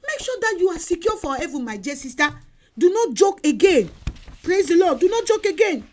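Very high-voiced, lively woman evangelist. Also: normal speed, background noise. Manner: emphatic, repeats phrases, exhorting. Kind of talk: sermon.

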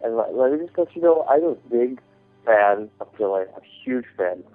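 A man's voice: mid-range voice, animated, normal speed, soft background music. A man leaving a voicemail, earnest and indignant. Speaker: voicemail caller. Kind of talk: voicemail message. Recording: tinny phone voicemail.

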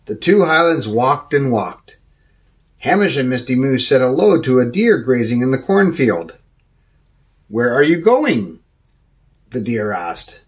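A man reading a children's story aloud with animated narration. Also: medium pitch.

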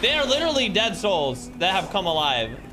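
A young man streaming a video game speaks fairly quickly, his high-pitched voice swooping wildly up and down. He keeps things jokey, casually commenting and greeting viewers by name as game music plays behind.

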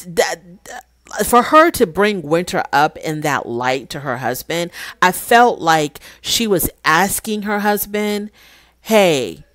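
A woman with a fairly low voice recaps a reality show episode in a casual, outspoken way. She retells scenes with lively emphasis and acts out the quotes. The sound is dry and close, with no room echo. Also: slow pace. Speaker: reality TV reviewer. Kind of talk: casual commentary review.

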